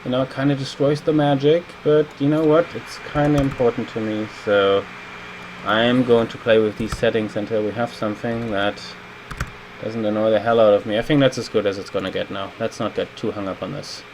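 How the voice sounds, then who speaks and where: A man's voice: fairly low pitch, steady tone, fairly quick. A man in his thirties streaming as a level designer, chatting casually and rambling while he reads viewer comments aloud. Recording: faint air-conditioning hum.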